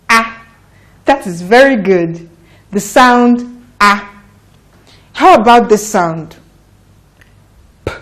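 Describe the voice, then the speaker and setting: A woman teaching phonics to young children, patient and encouraging, drawing out each sound slowly and clearly. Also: mid-range voice.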